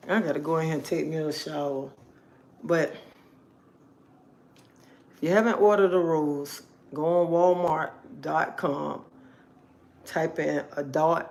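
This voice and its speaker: A woman's voice: deep voice, darkish tone. Chatty woman hosting a live stream. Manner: repetitive, chatty, emphatic. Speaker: livestream host. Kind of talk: casual live stream chat to viewers.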